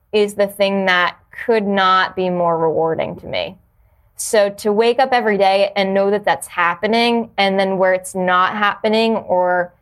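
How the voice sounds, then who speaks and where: A woman at a middle pitch talks earnestly about purpose in a casual interview. Her pace is reflective, and she often restarts phrases while searching for the right words. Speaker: podcast guest, yoga teacher.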